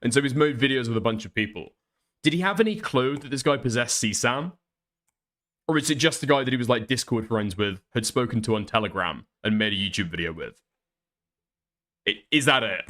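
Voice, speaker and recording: Man, commentary host, swears constantly, lively up-and-down pitch. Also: fairly quick. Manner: profane, exasperated, mocking. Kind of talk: reaction commentary.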